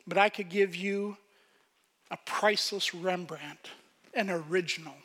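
A man preaching a sermon as pastor, swinging from loud emphasis to hushed whispers. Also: high-pitched, unhurried, slightly rough, in a large hall.

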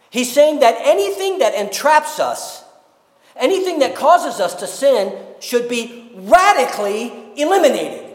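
A man preaching a sermon as pastor, emphatic, with slow deliberate phrasing. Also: high voice, roomy sound, long reverb tail.

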